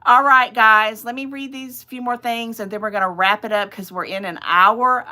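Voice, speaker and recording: Bright, chatty woman on a livestream. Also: medium pitch, normal speed. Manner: chatty, rambling, digressive. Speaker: channel host. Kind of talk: casual livestream chat.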